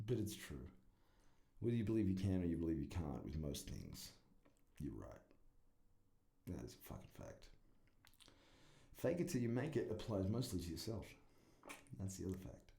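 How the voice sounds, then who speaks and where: A man's voice: low-pitched, big pitch swings, normal speed, creaky, long pauses, warm tone. A man, rambling and swearing through a casual solo podcast. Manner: rambling, profane, self-deprecating. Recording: echoey room.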